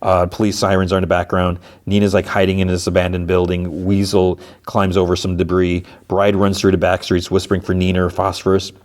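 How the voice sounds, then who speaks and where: Deep-voiced man rambling through a recap. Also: completely flat delivery, brisk, few pauses, a little mellow. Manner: rambling, many fillers and restarts. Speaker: podcast host. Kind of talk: casual episode recap.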